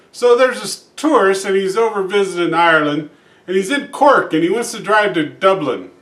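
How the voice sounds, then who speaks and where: Man, joke teller, folksy delivery, slightly high voice, sits back from the mic in a roomy space. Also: expressive, moderate pace, a bit bright. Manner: folksy, frequent "uh" fillers, acts out characters with raised pitch. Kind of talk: casual joke telling. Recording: roomy echo, distant from mic.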